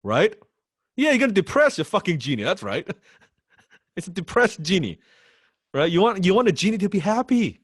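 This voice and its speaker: A man's voice: sits high, sing-song, normal speed, pauses often, husky, dry recording, studio quality. Emphatic, profane male sales coach. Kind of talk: lecture to students.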